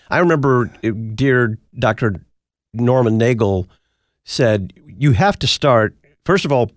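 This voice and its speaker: A man's voice: medium pitch, no room sound, clean studio sound. A man hosting a talk radio show, answering listener mail in an emphatic, preacherly way.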